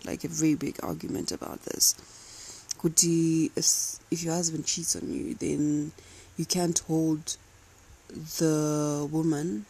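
Husky low-voiced woman ranting. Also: poor audio. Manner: animated, emphatic, swears freely. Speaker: podcast host. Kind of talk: casual rant.

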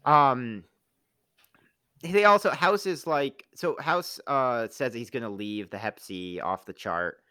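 A man's voice: mid-range voice, slow pace, bright, forceful tone, clean tone, no echo. A man co-hosting a casual podcast chat, rambling and joking, often slipping into silly impressions. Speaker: podcast co-host. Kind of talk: casual chat about a TV show.

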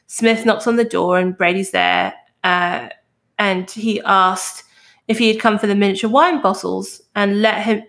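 A woman hosting a true crime podcast, telling the story in a casual, animated way and swearing now and then. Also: mid-range voice.

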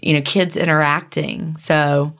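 A middle-aged woman with a low voice and a gravelly fry. She talks earnestly and at length in casual podcast chat, circling back over her thoughts. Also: level tone, measured pace, a bit bright. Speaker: podcast co-host.

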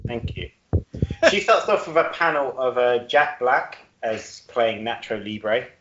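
A man's voice: medium pitch, animated, a little slow, a bit bright. A man co-hosting a podcast in casual chat, joking and laughing at his own jokes. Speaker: podcast co-host. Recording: roomy, dull-sounding audio.

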